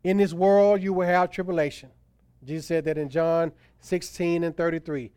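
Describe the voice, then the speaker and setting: A pastor preaches with emphatic swells, his voice slightly high and smooth. The sound is close and dry, with little room around it. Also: steady tone, moderate pace, warm tone, no room sound. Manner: emphatic preaching, voice rising and falling for stress. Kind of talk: sermon.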